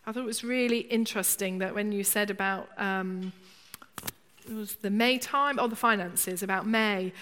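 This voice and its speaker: A woman's voice: mid-range voice, moderate pace, fairly bright tone, a little hiss or hum. A middle-aged woman preaching a conversational sermon, acting out people's inner voices. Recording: long church reverb.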